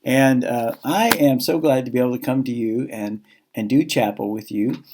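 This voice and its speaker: A man's voice: mid-range voice, moderate pace, noisy background. A man, a school chaplain, giving a casual chapel talk to students, chatty and self-deprecating, reading scripture aloud.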